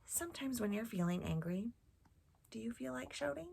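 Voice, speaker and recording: A woman hosting a children's storytime, reading a picture book slowly and expressively and asking the children questions. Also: medium pitch, animated, gravelly, darkish tone, a little hiss or hum. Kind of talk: read-aloud storytelling for children.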